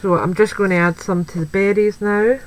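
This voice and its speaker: A woman's voice: mid-range voice, steady tone, fairly quick, low-quality recording. A woman chatting through a card-making tutorial, thinking aloud as she works and making light of her own slips. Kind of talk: craft tutorial, talking while working.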